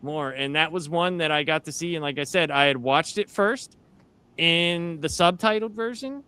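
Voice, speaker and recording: A man on a podcast panel, excitedly retelling movie scenes in casual chat. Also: on the high side, normal speed, clean tone. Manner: excited, animated storyteller.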